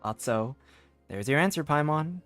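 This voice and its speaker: Low-voiced joking woman streamer. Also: animated, moderate pace, fairly bright tone, soft background music. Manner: joking, playful asides. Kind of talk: casual gameplay commentary.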